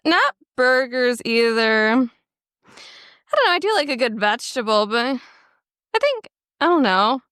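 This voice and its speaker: A woman's voice: fairly high pitch, big pitch swings, slow pace, pauses often, fairly bright tone, dry recording. A young woman co-hosting a podcast, answering a quiz casually with hesitant, musing replies and dry humor. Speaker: podcast co-host. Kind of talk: casual chat.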